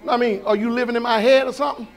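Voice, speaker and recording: Man preaching a sabbath sermon, really high voice, folksy and lively, keeps asking the church questions. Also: racing. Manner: folksy, animated, shouts and laughs; questions the congregation.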